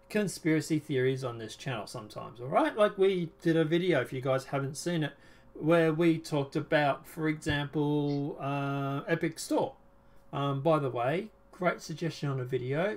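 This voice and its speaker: A man hosting a casual political chat show, talking in a rambling, sarcastic, emphatic way. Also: on the high side. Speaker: show host.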